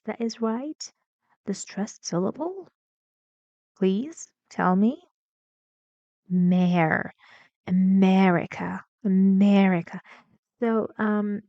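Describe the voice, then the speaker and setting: A woman teacher giving a pronunciation lesson at a very slow, deliberate pace, stretching single words to show how the pitch moves. Her voice comes through a slightly dull, lo-fi recording that sounds close and dry, with no room echo. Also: dark tone. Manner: slow, deliberate, drawing out words to model intonation.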